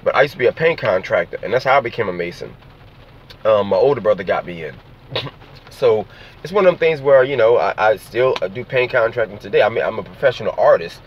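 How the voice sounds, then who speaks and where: Low-voiced man rambling casually, lo-fi. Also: expressive, fast, a little hiss or hum. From New Orleans, Louisiana. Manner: loose, profane, rambling, with frequent "you see what I'm saying". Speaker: vlogger. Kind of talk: casual monologue to camera. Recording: dull lo-fi sound.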